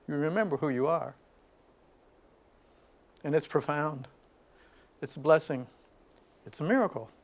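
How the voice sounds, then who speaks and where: A man leading a small spiritual gathering, moving between loud emphatic lines and soft hushed ones, with frequent laughs. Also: a little high. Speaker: spiritual group leader. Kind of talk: spiritual talk to a small group.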